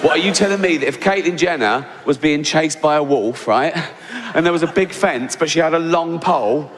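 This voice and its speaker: English stand-up, older man, sardonic chatty delivery, slightly high-pitched, long hall reverb with clear crowd noise behind. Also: a little fast. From England. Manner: sardonic, conversational, tags lines with "right?". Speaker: stand-up comedian. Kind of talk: stand-up comedy routine. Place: large theatre stage before a live audience.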